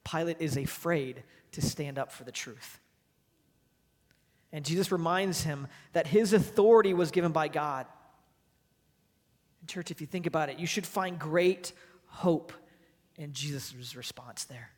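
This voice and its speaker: A man's voice: fairly high pitch, unhurried, pauses often, a little mellow. A man preaching a sermon as pastor to his church, emphatic and driving his points home with repeated phrases. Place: church sanctuary. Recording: long hall reverb.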